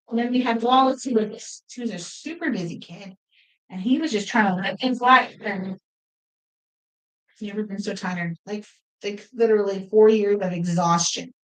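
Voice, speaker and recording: A middle-aged woman hosting a sewing video, telling a rambling, animated story in casual chat. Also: mid-range voice, normal speed, rough recording. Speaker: quilting video host.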